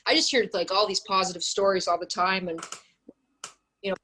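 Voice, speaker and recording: Young woman, interview guest, casual rambling chat, lots of "like" and "um", bright tone, mid pitch. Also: fairly quick, a little hiss or hum, low-quality recording. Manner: rambling, heavy use of "like" and "um".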